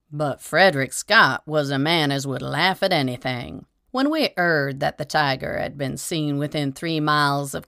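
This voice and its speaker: A woman narrating a short story aloud in a steady, measured storytelling manner. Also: deep voice, no echo, studio quality. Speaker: audiobook reader.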